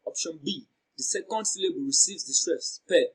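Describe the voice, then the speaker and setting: Man tutoring slow pronunciation drills. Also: on the high side, low-quality recording. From Nigeria. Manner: slow, deliberate, repeats words for pronunciation drills. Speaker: exam prep tutor. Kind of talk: lesson on exam questions.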